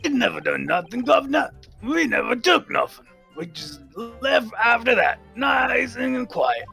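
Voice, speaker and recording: A man voicing a shifty male Cockney crook testifying in a mystery game, with a put-on Cockney accent and a rough, slangy drawl. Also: big pitch swings, unhurried, bright, forceful tone, faint music behind, heavily acted. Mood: defensive. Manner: rough slangy drawl, higher than his own voice.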